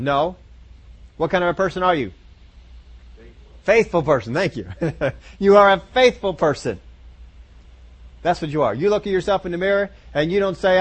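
Male preacher, fairly high voice, emphatic and repetitive, sermon delivery. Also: expressive, brisk, long pauses, husky. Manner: emphatic, repetitive declarations addressing the congregation.

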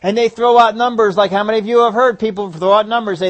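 A man's voice: sits high, fairly even intonation, quick pace. A man preaching a sermon, asking the congregation rhetorical questions and driving his points home with emphasis.

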